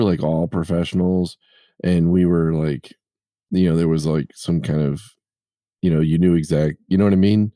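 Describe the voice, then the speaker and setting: A man's voice: low voice, steady tone, moderate pace, warm tone, no room sound, clean studio sound. A man hosting a casual podcast chat, rambling and correcting himself as he goes. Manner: rambling, self-correcting, jokey storyteller. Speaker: podcast host.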